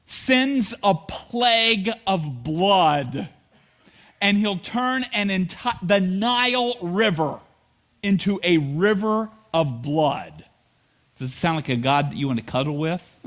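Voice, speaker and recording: A man preaching a sermon as pastor, telling the story with playful asides and quick acted lines. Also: sits high, fairly bright tone.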